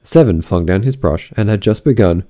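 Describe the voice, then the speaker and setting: Deep-voiced man narrating an audiobook. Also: animated, normal speed, mellow.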